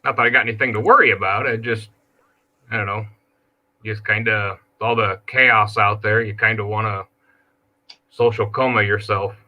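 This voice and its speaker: A man telling stories in relaxed, joking casual chat as a guest on a live stream panel. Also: lowish voice, moderate pace, long pauses, dull audio. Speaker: guest panelist, former channel owner.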